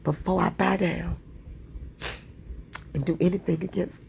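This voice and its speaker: A livestream host speaks with fervent, preachy intensity, repeating her points again and again. Her voice sits on the low side, gravelly and a little mellow, with a steady tone and measured pace over slight background noise.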